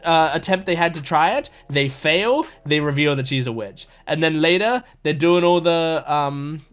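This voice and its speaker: A man's voice: a little high, expressive, moderate pace, fairly bright tone, clean tone, faint music behind. A man in his twenties talking casually about an anime episode, enthusiastic and rambling, with lots of fillers and restarts. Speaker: anime reaction YouTuber.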